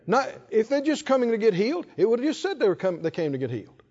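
Guy preaching, high voice for a man, stretches words out, big echoey hall. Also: big pitch swings, quick pace, darkish tone, highs cut off. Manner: emphatic, drawing out key words and prompting the crowd. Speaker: pastor. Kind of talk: sermon with call-and-response.

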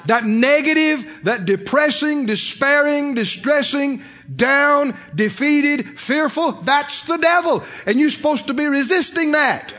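A preacher delivering an emphatic sermon, rising at times to hollering, on a dull lo-fi recording. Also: male voice, extremely high pitch, measured pace, hardly any pauses, sharp tone.

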